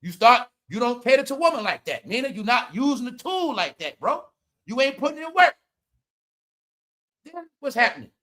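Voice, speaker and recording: A man with a high, bright voice rants through a casual comedy commentary, talking straight to his audience. He is loud and profane, breaks into laughter often, and swings from shouting to muttering asides. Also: big pitch swings, normal speed. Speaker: online commentator.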